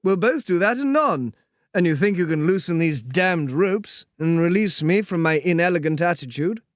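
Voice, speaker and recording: A man's voice: sits high, animated, normal speed, no room sound, clean studio sound, pitched above the performer's own voice. A man doing a languid, drawling English dandy. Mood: amused drawl. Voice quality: sleepy, drawly, affected tones. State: weak and sore.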